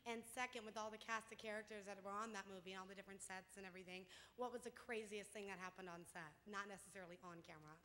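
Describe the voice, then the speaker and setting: Bright-voiced woman asking a question. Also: medium pitch, fairly even intonation, fast talker, hardly any pauses, slight background noise. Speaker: audience member asking a question. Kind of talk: audience question at a panel. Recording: echoey convention hall.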